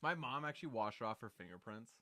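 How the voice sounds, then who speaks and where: A man's voice: medium pitch, animated, fast talker, sharp tone. A young man co-hosting a casual livestream, laid-back and telling stories, swearing now and then. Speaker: podcast co-host.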